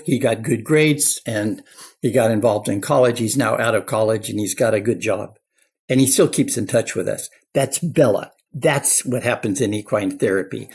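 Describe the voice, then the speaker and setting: A man's voice: mid-range voice, darkish tone, husky. An older man, a clinical psychologist, telling stories earnestly as a guest in an interview. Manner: earnest anecdotal storyteller. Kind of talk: storytelling interview talk.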